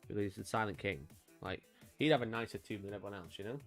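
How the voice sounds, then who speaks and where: With faint music behind him, a British man from the United Kingdom talks fast in a fairly low voice as he paints miniatures on a live stream, chatting casually and greeting viewers by name.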